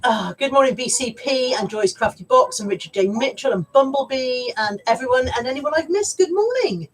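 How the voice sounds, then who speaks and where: Chatty woman, husky, a bit off-mic. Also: sits high, fairly quick. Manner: chatty, teasing, laughs often. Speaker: livestream host. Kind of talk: casual live-stream chat. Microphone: camera mic on a live stream. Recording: slightly distant from the mic.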